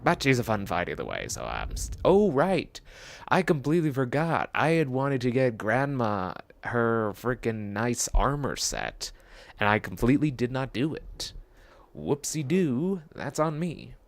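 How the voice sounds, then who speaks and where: A man's voice: medium pitch, big pitch swings, normal speed, vocal fry. A man streaming a video game, rambling and joking as he plays. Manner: jokey, rambling, talking to himself. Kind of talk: casual gameplay commentary.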